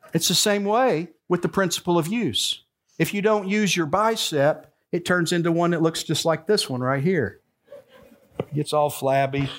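A man in his sixties preaching a sermon, telling the story with acted-out dialogue and building to emphatic points. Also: fairly high pitch. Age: 60s. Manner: storytelling preacher who acts out the dialogue, rising to emphatic peaks. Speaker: pastor.

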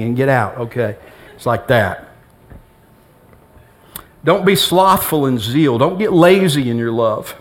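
A middle-aged male pastor with a slightly high, expressive voice preaches at normal speed in a church sanctuary before his congregation. His sermon is conversational and funny, and he acts out snippets of dialogue.

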